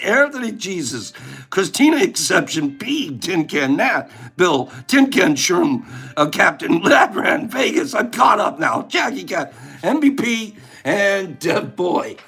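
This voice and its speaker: A man hosting a livestream, reading out viewer names in casual chat and laughing through his words with a husky voice. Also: high-pitched, sharp tone. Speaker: livestream host.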